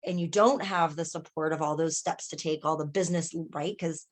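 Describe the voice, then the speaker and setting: Animated woman coach telling stories. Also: sits low, fairly quick. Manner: animated storyteller, often asks "right?" and acts out quoted voices. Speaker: coach and healer. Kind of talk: casual group coaching chat on a video call.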